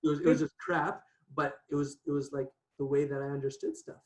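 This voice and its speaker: A man talking as a podcast guest, telling a personal story in a casual, animated way, laughing often and checking in with "right?". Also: a little high, a little fast. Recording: echoey room.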